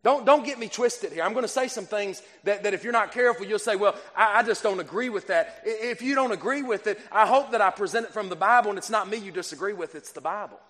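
A man delivers an earnest sermon, circling back over his phrases and restarting sentences as he works through a point. His voice sits high for a man. It rings out with a long reverb from the church hall. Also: quick pace, few pauses, fairly bright tone. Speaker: preacher.

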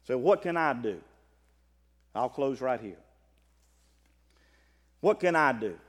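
A man's voice: medium pitch, slow pace. Impassioned preacher man, echoing hall. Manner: impassioned, rising to shouts, then calm scripture reading. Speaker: pastor. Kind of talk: sermon. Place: church. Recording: long reverb of a church hall.

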